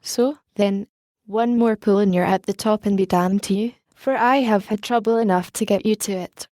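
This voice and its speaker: Cranky cursing coach driver guy, woman reading it, dry and mellow. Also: mid-range voice, normal speed, no echo, close to an everyday voice. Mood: irritated. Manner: cursing, impatient. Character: vexed male stagecoach driver, irritable.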